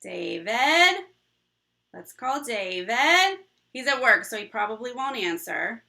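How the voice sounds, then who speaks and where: A woman's voice: a little high, sing-song, takes it slowly, vocal fry, sharp tone. A young woman hosting a casual live chat with her viewers, bubbly and rambling, laughing often. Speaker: livestream host.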